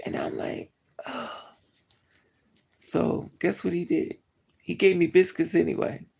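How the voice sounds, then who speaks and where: A vlogger telling a story in a casual chat, animated and gossipy, acting out both sides of the conversation. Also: medium pitch, takes it slowly, gravelly, husky.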